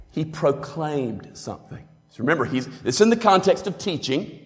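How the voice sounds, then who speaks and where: A man's voice: mid-range voice, fairly bright tone. A man preaching a sermon as a pastor, earnest and emphatic in a teaching way. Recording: long hall reverb.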